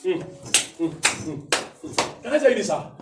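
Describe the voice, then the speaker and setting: A man with a Nigerian accent preaching a sermon, shouting key lines and slowing down to stress them. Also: sits high, very animated, echoey room, far from the mic, heavy background noise. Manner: impassioned preaching, shouts and slows down for emphasis. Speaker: pastor.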